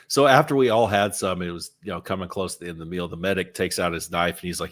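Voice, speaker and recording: A man with a very low voice talks through a relaxed podcast conversation. He tells stories at an easy pace and stumbles over repeated words as he gathers his thoughts. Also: quick pace. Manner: repeats words while hunting for a thought, storytelling. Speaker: podcast co-host. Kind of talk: casual chat.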